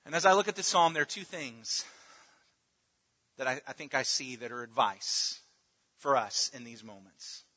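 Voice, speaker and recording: A man's voice: medium pitch, expressive, moderate pace, long pauses, sharp tone. A man preaching a sermon in an earnest way, often restarting words and at times dropping almost to a murmur. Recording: dull lo-fi audio with long reverb.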